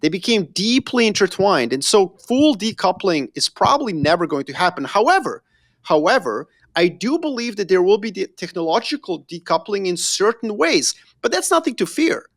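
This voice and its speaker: A man's voice: high voice, moderate pace. A man from Yugoslavia who is a guest on a podcast, telling stories with emphasis and sometimes speaking straight to the listener. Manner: animated, emphatic storyteller who addresses the listener directly. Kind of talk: casual conversation.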